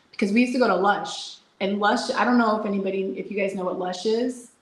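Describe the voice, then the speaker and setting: Chatty young adult woman, interview guest, animated storyteller, echoey room. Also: medium pitch, brisk, few pauses. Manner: chatty, animated, frequent "like" fillers and laughs.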